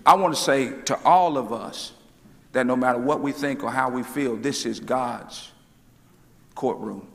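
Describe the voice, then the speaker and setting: A male minister preaching a sermon, asking the congregation questions and swinging between booming calls and hushed asides. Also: unhurried, gravelly. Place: church sanctuary. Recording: church hall with long reverb.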